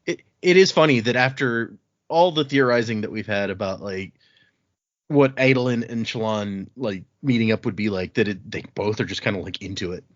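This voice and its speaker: A man co-hosting a casual book discussion, animatedly retelling scenes and putting on quick voices for the characters. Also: on the low side, no room sound. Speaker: podcast co-host. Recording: dull lo-fi audio.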